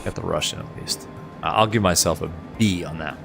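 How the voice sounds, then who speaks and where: A man's voice: sits low, fairly quick, creaky, fairly bright tone, faint music behind. A man chatting casually on a flight sim live stream, self-deprecating and reading chat aloud, over a headset mic.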